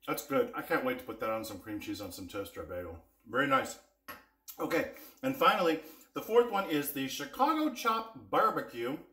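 A man's voice: medium pitch, lively intonation, moderate pace, sharp tone, reverberant. A man hosting a casual cooking vlog, chatting with viewers and tasting spice blends with eager enthusiasm. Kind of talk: casual taste-test vlog.

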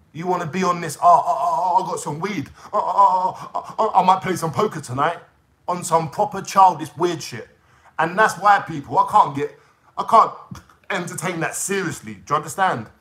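Speaking straight to camera, a young English YouTuber with a London accent launches into a profane, confrontational call-out rant in street slang. His voice sits high and sounds sharp.

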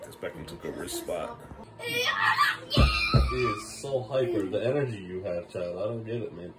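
A man's voice: fairly low pitch, huge pitch swings, moderate pace, loud music behind the voice. A man filming his kids at home for a vlog, laughing at them and scolding them in turn. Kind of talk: casual home vlog narration.

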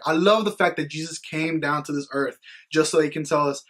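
A young man talks about faith with earnest, casual energy. His voice sits a touch high and has a husky, breathy edge. He rambles, restarts, and leans on "like" as he shares. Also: fairly even intonation, brisk, fairly bright tone. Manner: earnest, rambling, heavy on "like" and "you know what". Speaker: youth podcast co-host.

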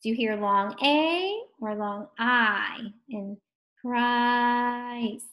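A woman teaching a first grade phonics lesson for distance learning, sounding out words slowly and encouraging young children. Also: fairly high pitch, dull audio. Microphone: distance-learning video recording.

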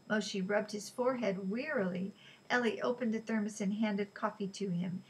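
A woman reading a novel aloud in an even, unhurried way, with small slips she corrects. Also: medium pitch, breathy edge, poor audio. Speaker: reader.

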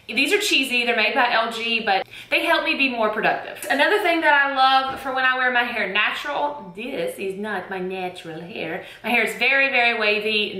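A young woman with a Southern US accent talks to the camera in an enthusiastic, gushing, emphatic way. Her voice sits a little high and sounds bright and forceful. The sound carries a noticeable room echo. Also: expressive, moderate pace. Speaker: teacher vlogger. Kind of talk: casual product chat to camera. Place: room lit with bright lights.

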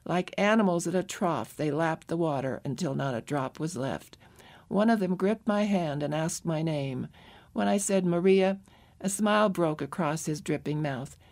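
A woman's voice: low voice, lively intonation, a little mellow. Earnest woman narrating an audiobook. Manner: measured, earnest.

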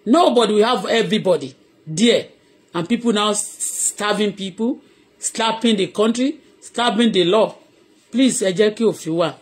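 A woman's voice: medium pitch, moderate pace, slightly rough. A middle-aged Nigerian woman, Yoruba her first language, hosting a live audio blog in a heated, rambling rant that switches between Yoruba and English. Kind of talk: impassioned live audio commentary.

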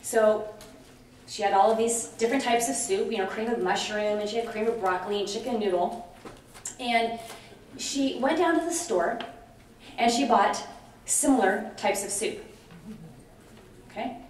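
A middle-aged woman presents to a conference room with a chatty, animated delivery, checking in with listeners again and again. Her voice sits a little high. The sound is very echoey and distant, with a faint hiss underneath. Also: moderate pace, long pauses. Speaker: conference speaker on dementia care. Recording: very echoey hall from far off, faint noise.

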